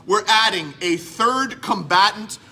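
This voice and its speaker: A man's voice: high voice, a little slow, creaky, bright, forceful tone. A man hosting a comedy talk show, goofy and over the top. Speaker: host.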